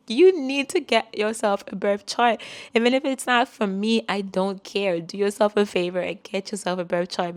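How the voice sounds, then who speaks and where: A woman who grew up speaking French talks through her podcast in a loose, chatty monologue. She speaks in a mid-range voice, doubling back to fix her phrasing and breaking into laughter along the way. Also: mid-range voice. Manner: rambling, self-correcting, laughing often. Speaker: astrologer and podcast host. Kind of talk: casual monologue.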